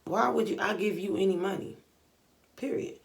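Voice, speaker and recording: Gravelly-voiced woman telling a story. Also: medium pitch, normal speed. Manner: animated, slangy retelling with lots of quoted dialogue. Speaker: beauty vlogger. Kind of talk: casual storytime chat.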